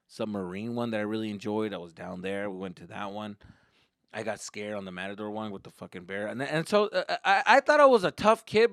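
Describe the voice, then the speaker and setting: Animated, profane storytelling comedian. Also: male voice, fairly low pitch, dry recording, studio quality. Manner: animated, profane, acts out voices. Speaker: comedian, podcast host. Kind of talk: comic storytelling.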